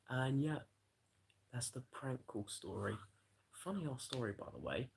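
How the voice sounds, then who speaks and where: A man chatting on a livestream, rambling through a crude anecdote with plenty of swearing. His voice is husky and breathy with a gravelly edge, and it sits at an average pitch for a man. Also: animated, moderate pace. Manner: rambling, profane anecdote-telling. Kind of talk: casual storytelling to a live chat.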